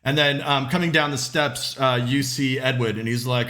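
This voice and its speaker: A man running a tabletop role-playing session as game master. He narrates scenes casually at a middle pitch, with many ums and restarts. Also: steady tone, normal speed, sharp tone. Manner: casual, full of fillers.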